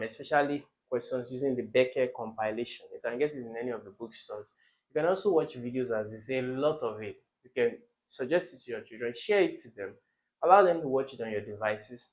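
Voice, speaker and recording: Leading a test-prep class for children, a young man speaks at a medium pitch, firing off questions he then answers on his own. Important words get a sudden burst of volume.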